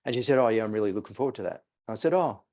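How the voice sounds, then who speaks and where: A man's voice: on the low side, very fast, a little mellow. A man, a mindset coach telling a client story and guiding a breathing exercise. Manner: storytelling, re-enacts conversations.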